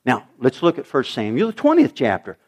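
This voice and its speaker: A middle-aged man preaching a sermon in an animated way, his voice rising high and dropping low for emphasis. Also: a little fast. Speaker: pastor.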